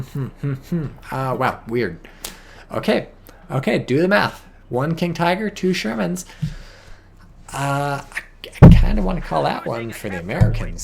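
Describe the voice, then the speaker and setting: A man giving casual, excitable commentary on a strategy game, swearing and reading chat aloud. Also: on the high side, creaky, noisy background. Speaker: game caster.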